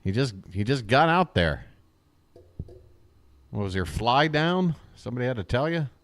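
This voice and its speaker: A man calls a baseball game live for a stream in a mid-range voice. He wisecracks and chats with his viewers between pitches, switching easily from the count to the banter. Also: lively intonation, normal speed. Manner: chatty, wisecracking, talks to viewers in chat. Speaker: fan play-by-play commentator.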